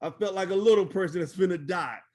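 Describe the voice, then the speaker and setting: In a relaxed interview, a middle-aged man who retired as an army first sergeant spins animated stories, full of fillers and frequent laughter. He speaks quickly in a high voice.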